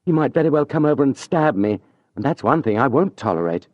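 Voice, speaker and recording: A man's voice: mid-range voice, expressive, a little fast, dry recording, highs cut off, pitched above the performer's own voice, natural voice. A man voicing a wary, ambitious young man on a secret mission, in a tense, guarded voice. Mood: determined.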